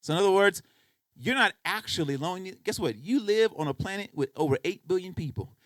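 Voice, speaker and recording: A man's voice: sits high, animated, a little fast, dry recording. A man preaching a sermon as pastor, talking straight to the congregation and pressing his points with repeated questions. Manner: emphatic, repeats "guess what" to drive points home; conversational preaching, addresses congregation directly. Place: church.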